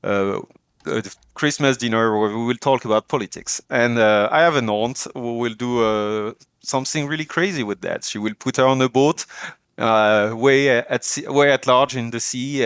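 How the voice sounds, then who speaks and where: A man with a French accent co-hosting a casual livestream chat, pausing often with fillers in English, his second language. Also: mid-range voice, fairly bright tone, smooth, dry recording. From France. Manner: hesitant, many fillers, chuckles often. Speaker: co-host.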